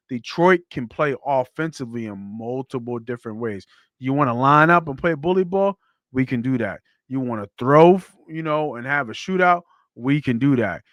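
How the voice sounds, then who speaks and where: A man hosting a sports podcast, talking football in a blunt, animated way that swears freely. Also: mid-range voice, no room sound, clean studio sound. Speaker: podcast host. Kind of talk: casual sports talk.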